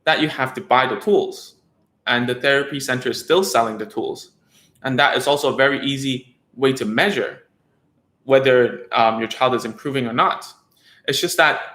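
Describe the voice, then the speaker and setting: A man's voice: medium pitch, fairly bright tone, roomy sound. A man working as a speech therapist, explaining things to parents in a casual, rambling way with lots of fillers and "okay?" checks. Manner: conversational, rambling with frequent fillers and tag questions. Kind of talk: casual educational talk to parents.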